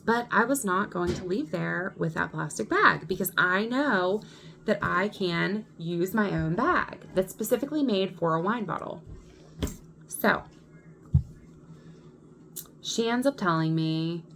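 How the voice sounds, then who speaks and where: A woman vlogger telling a personal story in an animated, indignant way. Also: lowish voice, a little slow, gravelly, pauses often, a little hiss or hum. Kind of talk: storytime vlog.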